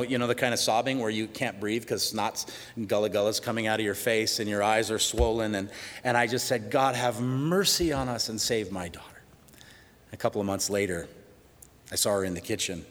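A middle-aged man preaching a sermon as pastor, swinging between loud praise and hushed storytelling. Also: on the low side. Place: church sanctuary. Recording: long reverb of a large hall.

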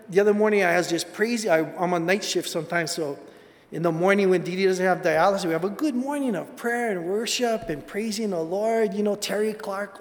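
A man preaching a sermon, telling animated, conversational stories and calling people "bro". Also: high voice, long reverb tail.

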